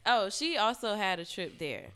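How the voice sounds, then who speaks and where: A young adult woman, a podcast guest, telling an explicit story in casual chat, animated and profane, with lots of "like". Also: medium pitch, moderate pace, clear, resonant tone.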